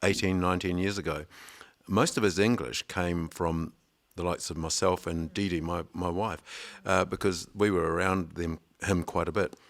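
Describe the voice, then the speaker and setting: An older man in his sixties with a deep, low voice. He tells anecdotes in a relaxed conversational way, with self-deprecating humour. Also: normal speed. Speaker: veteran broadcaster. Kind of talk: conversational storytelling.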